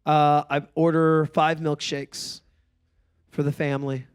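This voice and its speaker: A man telling stand-up comedy stories, sardonic and profane, growing animated as he goes. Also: slow pace, clear, resonant tone. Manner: animated, escalating into high-pitched shouting in character bits.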